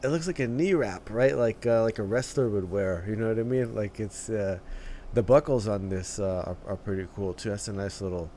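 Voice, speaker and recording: A man hosting a reaction video, talking casually in halting phrases with many fillers and restarts, often tagging "right?" and "dude.". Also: on the low side, mellow, a little hiss or hum.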